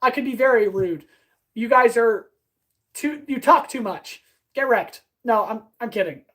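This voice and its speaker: A woman blacksmith chatting fast and eagerly with her live-stream audience while she works in her workshop. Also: a little high, expressive, fairly bright tone, low-quality recording. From Canada. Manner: chatty, talks fast, answers chat eagerly. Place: workshop with power tools.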